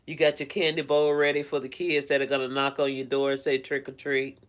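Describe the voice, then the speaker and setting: A man's voice: mid-range voice, flat delivery, a little fast, hardly any pauses, clear, resonant tone. Man rambling caringly on a live stream. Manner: rambling, caring, greets viewers by name. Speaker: live streamer reading chat. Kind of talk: casual live-stream chat. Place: at home.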